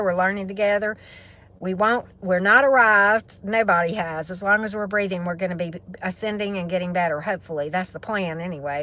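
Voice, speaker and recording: A woman's voice: mid-range voice, fairly bright tone. A woman with a Southern US accent, a tarot reader chatting casually on a livestream, rambling and answering viewer comments. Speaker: tarot reader and spiritual coach.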